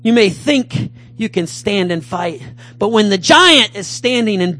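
A man preaching a fervent sermon, swinging between loud calls and low mutters as he acts out a taunting giant. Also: lively intonation, measured pace, no room sound.

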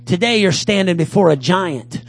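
A man preaching a fervent sermon, swinging between loud calls and low mutters as he acts out a taunting giant. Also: expressive, moderate pace.

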